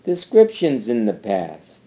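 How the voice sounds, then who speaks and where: A man's voice: mid-range voice, huge pitch swings, slow, mellow, muffled recording. A man teaching a recorded slide lesson, drilling verb endings aloud and repeating them for the class. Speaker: Spanish teacher.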